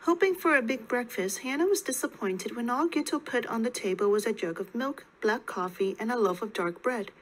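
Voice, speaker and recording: A woman narrating an audiobook in a calm, even storytelling way. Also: a little high, a little fast, hardly any pauses, poor audio.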